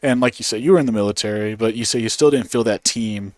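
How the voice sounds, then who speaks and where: A man hosting a casual podcast chat, relaxed and loose with slang. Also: fairly low pitch, dry recording. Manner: relaxed, fast, laid-back slang.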